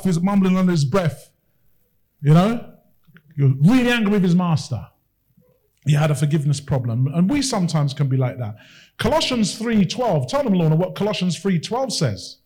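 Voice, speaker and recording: A male preacher with a notably high voice who drives his points home with repetition and rising emphasis. He moves from quiet, earnest stretches to loud, insistent exhortation. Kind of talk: sermon.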